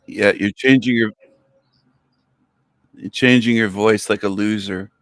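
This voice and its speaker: Slow-talking livestream host, dry sound. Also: male voice, fairly low pitch, steady tone, fairly bright tone, no room sound. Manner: blunt, insulting toward callers. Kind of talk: live stream commentary.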